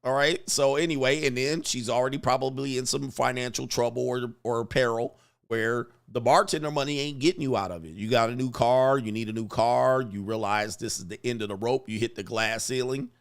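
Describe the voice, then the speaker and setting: Male commentary host, mid pitch, brash slang, chuckling, repeats his punchlines. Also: steady tone, brisk, creaky, clear, resonant tone. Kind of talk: casual reaction commentary.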